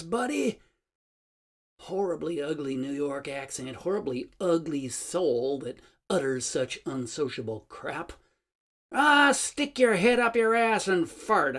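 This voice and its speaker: A man in his sixties reading his own travel journal aloud in a dramatic, wry manner. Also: on the high side. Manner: dramatic, wry, savoring each phrase. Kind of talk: expressive reading of a personal journal.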